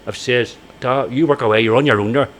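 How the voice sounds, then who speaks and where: A man's voice: medium pitch, steady tone, a little fast, a little hiss or hum. An older man, a bar owner telling sweary anecdotes in casual chat.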